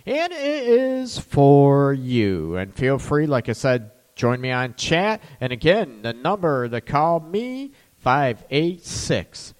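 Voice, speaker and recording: A man's voice: medium pitch, sing-song, slow pace, hardly any pauses, clear, resonant tone. A middle-aged man hosting a call-in radio talk show from his counseling office, tired and loose, with lots of fillers. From Michigan. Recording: long hall reverb.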